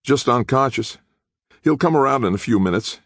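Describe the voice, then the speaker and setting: A man's voice: mid-range voice, expressive, normal speed, a bit bright, no echo, clean studio sound, voice pushed up. A man voicing a tough, disgusted fighter who speaks bluntly and tersely.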